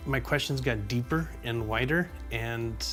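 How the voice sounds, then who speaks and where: A man's voice: medium pitch, fairly bright tone. Man giving testimony over music. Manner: reflective, halting with small restarts. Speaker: church member giving testimony. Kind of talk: personal testimony. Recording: music bed under the voice.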